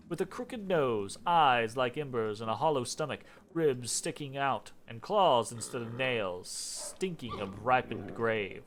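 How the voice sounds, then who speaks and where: A man reading in-game lore aloud as a storyteller, expressive, with casual asides between passages. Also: medium pitch, a little hiss or hum. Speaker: gameplay narrator.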